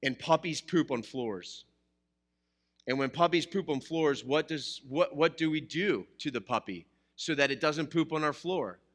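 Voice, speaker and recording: A man's voice: fairly high pitch, a little slow. A man preaching a sermon to a live congregation in a church, mixing scripture with jokes and questions to the listeners. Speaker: pastor.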